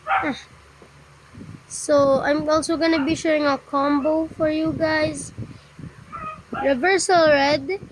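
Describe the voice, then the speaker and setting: A woman giving casual game commentary, talking through moves in a rambling, halting way and often stopping to apologize. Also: sits high, noisy background. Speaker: gameplay tutorial narrator.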